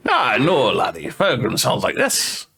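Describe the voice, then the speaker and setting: A man doing a gruff, pirate-talking adventurer who growls out yar and laddie in a low, drawling voice. The pitch sits on the deep side, and the voice comes across rough and in character. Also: lively intonation, moderate pace, fairly bright tone.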